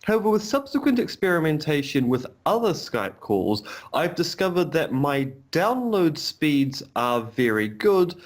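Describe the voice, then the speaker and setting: Calling in over video from his home in Romania, a man co-hosts a podcast, chatting casually and cracking dry, self-deprecating jokes. His voice is a little high and very animated, a little slow, with few pauses.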